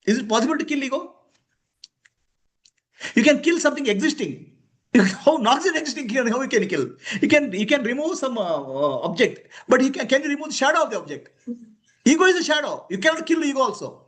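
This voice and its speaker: A man's voice: very high-pitched, sing-song, a little fast. A man giving a spiritual discourse to students, emphatic and questioning, chuckling often. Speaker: spiritual teacher.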